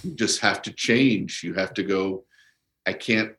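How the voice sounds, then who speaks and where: Middle-aged comedian guest in a roomy space. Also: male voice, sits low, fairly bright tone. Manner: measured storytelling with pauses. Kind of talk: relaxed podcast conversation.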